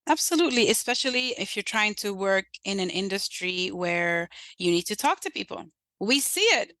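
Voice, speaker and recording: Emphatic woman guest, bright dry voice. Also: mid-range voice, moderate pace, dry recording, rough recording. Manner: emphatic, animated storytelling. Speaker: podcast guest. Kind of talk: conversational interview.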